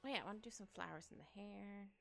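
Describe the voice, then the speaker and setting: Chatting casually as she draws on stream, a woman hums and thinks out loud over faint background music. She speaks quickly in a medium-pitched voice that is creaky, bright, and forceful.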